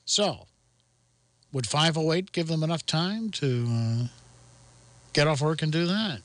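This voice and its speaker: A man's voice: a little high, unhurried, no room sound. A man hosting a radio talk show, bantering and joking with theatrical outbursts. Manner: excitable, jokey, theatrical outbursts.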